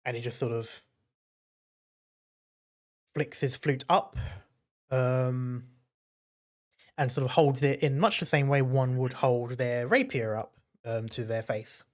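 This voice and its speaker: Slow, hesitant game master narration. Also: medium pitch. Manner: relaxed narration with frequent hesitations.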